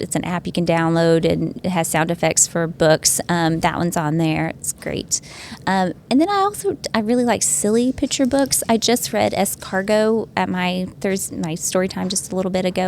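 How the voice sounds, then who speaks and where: A woman in her thirties, a librarian guest chatting eagerly on a podcast and pausing often on "um". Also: fairly low pitch, a little mellow, slight background noise. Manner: chatty and enthusiastic, with frequent "um" pauses. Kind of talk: casual chat.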